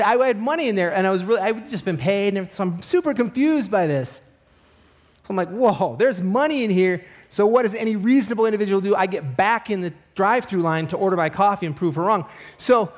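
A middle-aged man preaching a sermon, telling a comic personal story with animated asides before turning to scripture. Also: sits high. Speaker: pastor.

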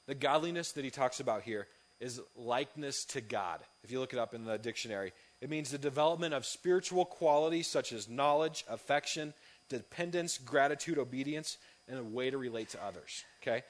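A man, a youth pastor, giving a sermon full of lively, funny personal stories. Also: mid-range voice, fairly quick. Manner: lively storytelling, animated and humorous.

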